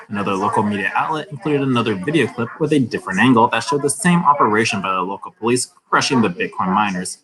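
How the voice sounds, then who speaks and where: A man's voice: on the low side, rough recording. Male host, casual news reader, chatty asides, voices in background. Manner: reads articles aloud with chatty asides and laughs. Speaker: crypto news channel host. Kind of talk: casual news reading and commentary.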